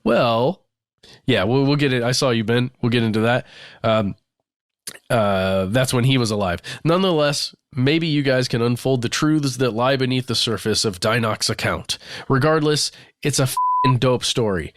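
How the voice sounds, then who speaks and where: A man's voice: mid-range voice, moderate pace, a bit bright. A male podcast co-host reads out a listener's email in an easygoing, chatty manner, tossing in asides and the odd swear word. His voice sits in a middle range, and the studio sound is dry and close with no room echo. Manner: chatty and loose, with laughs and casual swearing. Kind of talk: casual podcast chat, reading a listener email aloud.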